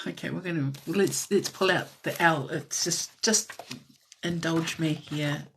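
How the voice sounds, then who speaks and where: A woman giving a live-stream tarot reading in a soft, musing way that drifts into whispers, with frequent light laughs. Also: deep voice, takes it slowly, vocal fry, long pauses, a little hiss or hum. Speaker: tarot reader.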